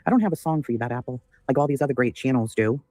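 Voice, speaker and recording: A man's voice: mid-range voice, animated, rapid-fire, darkish tone, no room sound. A man hosting a casual livestream, ranting with heavy swearing while greeting chat members by name. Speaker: livestream host.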